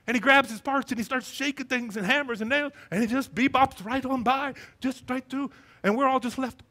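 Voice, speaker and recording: A man's voice: extremely high pitch, brisk. A man, a pastor preaching a sermon in a church and acting out the people in his stories. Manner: animated storytelling, acting out voices. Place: church sanctuary.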